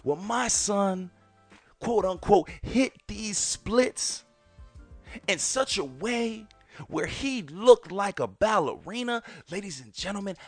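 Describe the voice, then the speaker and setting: A man in his thirties hosting a podcast, telling a personal story and repeatedly addressing his listeners directly in an animated way. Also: high voice, moderate pace, husky, no room sound, soft background music. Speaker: podcast host.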